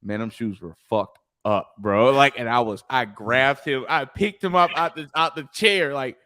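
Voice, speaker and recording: A man's voice: medium pitch, moderate pace, bright, forceful tone, no echo, clean studio sound. A man with a Southern US accent, co-hosting a podcast in casual chat and telling stories with laughs. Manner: laid-back, laughing storyteller. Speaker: podcast co-host.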